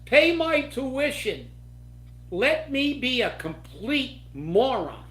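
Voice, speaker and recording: Guy doing a squeaky whiny spoiled college kid, melodramatic, echoey room. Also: very animated, slow pace, fairly bright tone, heavily acted. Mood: mocking whine. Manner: high-pitched mocking whine. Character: whiny entitled young college brat, melodramatic.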